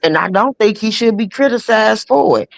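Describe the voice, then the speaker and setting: A woman's voice: on the high side, expressive, moderate pace, creaky, no room sound. A woman, giving blunt, emphatic opinions in casual chat.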